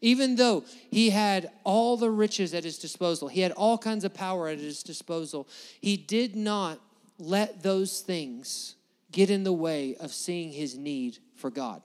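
Emphatic high-voiced preacher. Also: male voice, in a large hall. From United States. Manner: emphatic, building repetition. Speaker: pastor. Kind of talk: sermon.

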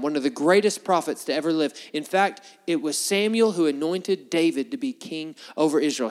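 A man preaching a sermon, retelling Bible stories and acting out the dialogue in changing voices. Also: big-room sound. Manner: storytelling, acts out biblical dialogue with shifting pitch.

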